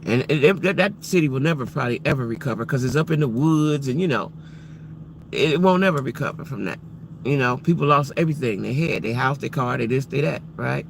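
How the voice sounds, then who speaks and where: A man's voice: mid-range voice, animated, a little fast, gravelly, slight background noise. A man hosting a casual livestream who speaks emphatically, repeats himself and keeps asking his viewers rhetorical questions. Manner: repetitive, emphatic, addresses viewers directly. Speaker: livestream host. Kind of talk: casual live-stream commentary to chat.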